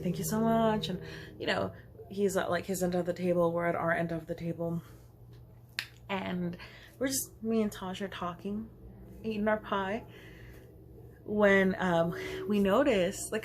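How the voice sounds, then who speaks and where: A woman's voice: on the low side, slight background noise. Chatty young woman telling a story. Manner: chatty, rambling, laughs often. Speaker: vlogger. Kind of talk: casual storytime.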